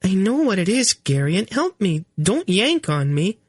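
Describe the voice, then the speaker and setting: A man voicing an exasperated young pregnant queen who talks slowly and distinctly, as if to someone slow. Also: high voice, very animated, slightly rough, dry recording, studio quality, pitched above the performer's own voice, heavily acted. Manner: impatient, speaks slowly and distinctly as if to a fool. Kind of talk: audiobook character voice.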